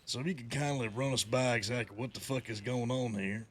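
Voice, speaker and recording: A man in a western role-play, talking gruffly in a country drawl with rough grammar and lots of cursing. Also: medium pitch, steady tone, fairly quick, slight background noise. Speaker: role-play player, town figure.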